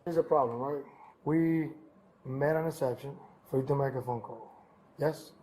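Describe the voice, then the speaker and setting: A man's voice: mid-range voice, moderate pace, warm tone, low-quality recording. A man working as a police officer, giving firm, clipped commands on bodycam audio. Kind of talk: bodycam footage. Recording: bodycam audio with faint background noise.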